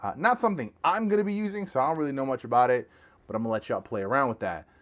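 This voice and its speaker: A young man hosting a casual tech review vlog from a small home studio. He talks straight to his viewers in an excited, slangy way. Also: medium pitch, very fast. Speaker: tech reviewer, channel host.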